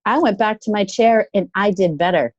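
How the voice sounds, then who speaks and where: A woman voicing a loud, cranky, hard-of-hearing retired old man who rants at strangers. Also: medium pitch, normal speed, no room sound, lo-fi sound, lightly acted. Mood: grumbling.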